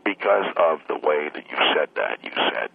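Super deep gravelly guy calling in, husky, tinny phone line, keeps stopping and restarting. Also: expressive. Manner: slow, halting, full of restarts. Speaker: caller. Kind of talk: call-in radio talk.

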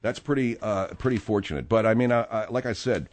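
A man's voice: fairly low pitch, brisk. A man hosting a comedy talk radio show, rambling and exasperated as he tells a story.

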